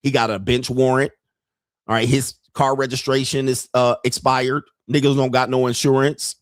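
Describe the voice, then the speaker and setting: A male livestream host in a crude comedic rant, animated and acting out the people he talks about. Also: medium pitch, moderate pace, no echo, studio quality.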